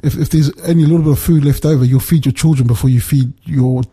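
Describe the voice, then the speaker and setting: A man's voice: medium pitch, fairly even intonation, quick pace, mellow, breathy edge. A man teaching from the Bible in a casual conversation, explaining step by step and often checking in with his listener. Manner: explanatory, checks in with "right?" and "you know".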